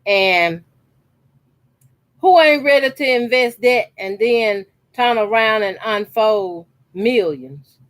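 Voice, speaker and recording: A woman's voice: on the high side, animated, slow pace, no room sound. A woman, chatting casually to her viewers while she cuts fabric scraps for a quilt, emphatic and repetitive. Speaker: sewing channel host. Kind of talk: casual chat while sewing. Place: her sewing corner at home.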